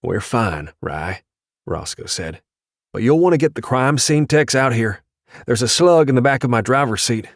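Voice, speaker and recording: A man's voice: mid-range voice, lively intonation, moderate pace, gravelly, dry recording, clean studio sound. A man reading an audiobook, voicing a tactical police officer with a clipped, commanding manner. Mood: steady. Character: tough, terse male tactical police officer. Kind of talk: audiobook dialogue.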